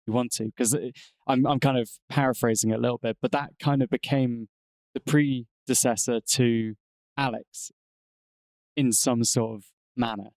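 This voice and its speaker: A man's voice: medium pitch, fairly even intonation, moderate pace, a little mellow, dry recording. A man co-hosting a casual gaming podcast. He speaks tentatively and hedges what he says. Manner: tentative, hedging. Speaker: podcast co-host.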